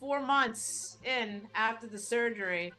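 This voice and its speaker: A woman's voice: fairly high pitch, slow pace, bright, forceful tone. A woman speaking sincerely and gratefully as a guest on a casual live stream. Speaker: host's girlfriend, guest.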